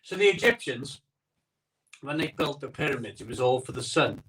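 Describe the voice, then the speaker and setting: A man's voice: mid-range voice, expressive, normal speed, a bit bright, far from the mic, low-quality recording. A man hosting a live stream from his home conservatory, rambling and chatting casually while greeting viewers, recorded on an iPhone. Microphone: iPhone microphone.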